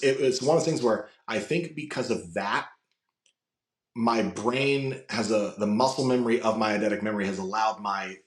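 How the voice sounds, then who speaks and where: Guest voice actor, low-pitched man, chatty and rambling, roomy echo. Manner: chatty, many fillers and restarts. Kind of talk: casual podcast chat.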